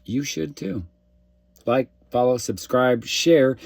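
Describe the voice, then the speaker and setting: A man delivering a preachy, deliberate message to camera with calls to action. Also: fairly low pitch, lively intonation, darkish tone, slightly rough, no room sound. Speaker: social media creator.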